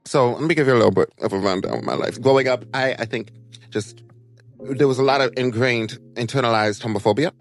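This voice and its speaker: A young American man vlogging his life story, expressive and dramatic, jumping into high voices. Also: fairly quick. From United States. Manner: animated, dramatic, leaps into high voices for quotes. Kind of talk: personal storytelling monologue.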